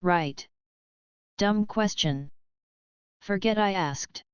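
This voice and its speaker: A woman's voice: mid-range voice, drawn-out words, clear, resonant tone, dry recording, lo-fi sound. A woman reading as a wisecracking young hero. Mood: nervous. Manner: joking, flippant. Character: wisecracking young male superhero, sarcastic.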